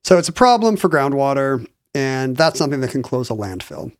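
A podcast co-host explains a story in casual, wry chat, restarting his sentences often. His medium-pitched voice is smooth and swings widely in pitch, moving a little fast, with clean studio-quality sound and no echo.

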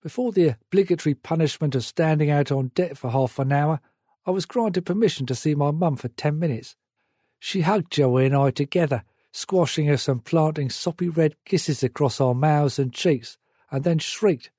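A man reads a memoir aloud, measured and reflective, with a mellow, soft tone. His voice sits a little high for a man, and the recording is dry and close. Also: husky, dry recording. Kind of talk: audiobook memoir narration.

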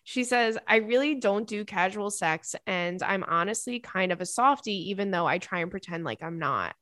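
Giggly and talkative, a young podcast host works through sponsor reads and listener messages with lots of "like" fillers. She speaks expressively at medium pitch and normal speed, her fairly bright voice recorded dry at studio quality.

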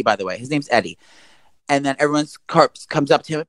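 A man around forty, co-hosting a casual podcast chat and telling stories quickly, with crude language and loud acted-out quotes. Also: on the high side, dry recording, rough recording. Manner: rapid, profane storytelling with loud acted-out quotes. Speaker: podcast co-host.

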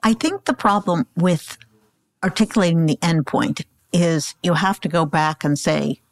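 A woman hosting an interview, asking measured, probing questions. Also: fairly low pitch, no room sound. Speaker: podcast host. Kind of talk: interview conversation.

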